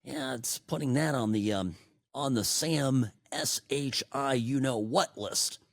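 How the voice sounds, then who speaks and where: A middle-aged man hosting a talk radio show, delivering an opinionated, sarcastic monologue that swings between loud outbursts and hushed asides. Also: mid-range voice, takes it slowly, no echo, clean studio sound.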